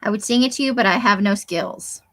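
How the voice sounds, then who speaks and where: A woman streamer chats casually on her livestream in a brisk, mid-range voice with a fairly bright tone. She teases viewers by name and makes jokes at her own expense.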